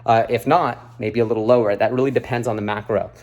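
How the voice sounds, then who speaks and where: A man's voice: medium pitch, fairly even intonation, fast talker, darkish tone, muffled recording. A man hosting a video update, a little out of breath after a workout, talking earnestly and bluntly with lots of fillers. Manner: earnest, lecturing, blunt advice with many fillers. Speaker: crypto video host. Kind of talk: casual straight-to-camera update. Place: beside an exercise machine.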